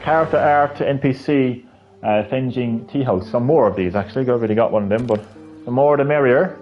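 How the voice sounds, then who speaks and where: A man's voice: medium pitch, a little fast, muffled recording, soft background music. A man live-streaming a video game, with rambling, profane, ranting commentary.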